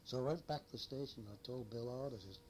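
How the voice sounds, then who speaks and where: Here a former lighthouse keeper, now an older man, speaks fast in a mid-range, slightly mellow voice. He chuckles through a rambling anecdote, an oral history told over faint background noise.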